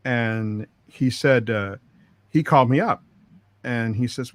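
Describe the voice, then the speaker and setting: Brief: middle-aged male producer, anecdotal, dry mic, mid-pitched. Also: slow pace, dry recording. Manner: rambling anecdotes with quoted dialogue and laughs. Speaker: record producer, interview guest. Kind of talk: storytelling interview.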